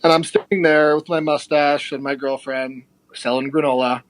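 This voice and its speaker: A young man speaks in a slightly high voice, close to a dry microphone. His story runs loose and chatty, and he jumps into the voices of the people he quotes. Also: moderate pace, dry recording. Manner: animated, acts out quoted people. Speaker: podcast guest. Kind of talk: casual storytelling.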